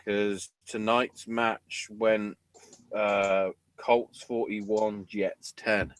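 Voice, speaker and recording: Male podcast host, low voice, slow, sarcastic and profane. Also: flat delivery, clean tone. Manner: profane, sarcastic, unhurried drawl. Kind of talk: casual wrestling recap chat.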